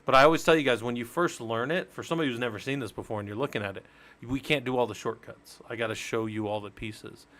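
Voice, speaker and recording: A man's voice: mid-range voice, fast, fairly bright tone. Chatty man teaching on a live stream. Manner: chatty, explains step by step, jokes with chat. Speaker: live-stream Linux instructor.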